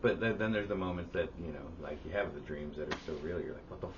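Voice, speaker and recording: A man co-hosting a casual podcast, telling stories animatedly and swearing often. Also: fast talker. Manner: animated storyteller, swears a lot, jumps high for quoted voices. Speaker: podcast co-host. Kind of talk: casual chat. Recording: slightly dull audio with faint hiss.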